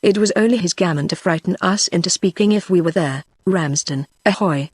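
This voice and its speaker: A computer-generated narrator reads an adventure novel in a steady, even way, keeping the same voice for every speaker. The pitch sits in a middle range, and the sound is dry and close with no room around it. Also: fast, dry recording. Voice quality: synthetic text-to-speech voice. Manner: even, unvarying reading of all characters. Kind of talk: scripted narration.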